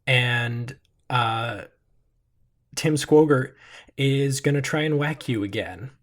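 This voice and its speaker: A man narrating as game master of a tabletop game in a slow, measured storytelling manner. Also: mid-range voice.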